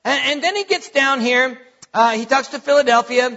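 High-voiced man preaching in a big hall. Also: moderate pace, bright, forceful tone. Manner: emphatic preaching with repeated phrases and fillers. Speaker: pastor. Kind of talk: sermon. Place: church sanctuary. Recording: lo-fi with long hall reverb.

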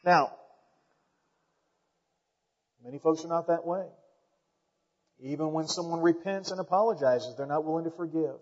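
A man preaching a sermon as pastor, emphatic and building to loud points, calling out to the congregation. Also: on the high side, fairly quick. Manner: calls out to the congregation. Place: church sanctuary. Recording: dull lo-fi sound with long hall reverb.

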